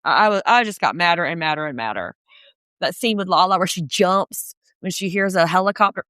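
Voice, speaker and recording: A woman's voice: on the low side, brisk, fairly bright tone, smooth, dry recording, studio quality. A woman co-hosting a podcast, ranting casually and with profanity as she recaps a reality show. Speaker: podcast co-host.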